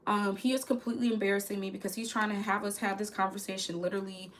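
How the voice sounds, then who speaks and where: A woman's voice: medium pitch, little pitch movement, fast talker, few pauses, a bit bright. A woman vlogger telling a personal story in a candid, casual way, full of slang and swearing.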